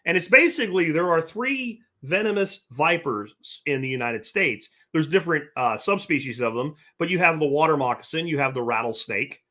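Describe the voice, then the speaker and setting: Animated, blunt man ranting on a podcast. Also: fairly high pitch. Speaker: podcast host. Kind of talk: livestream podcast rant, reading chat comments.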